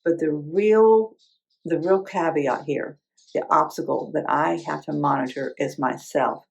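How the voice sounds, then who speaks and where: A woman's voice: deep voice, unhurried, vocal fry, darkish tone, low-quality recording. A woman in her fifties, a quilting vlogger, talking reflectively and rambling a little, often correcting herself and laughing at herself. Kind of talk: reflective casual chat.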